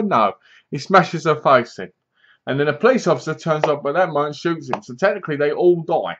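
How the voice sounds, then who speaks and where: A man's voice: on the high side, lively intonation, fairly quick, lo-fi sound. A young man rambling through a casual spoken film review, correcting himself as he goes and acting out characters' lines.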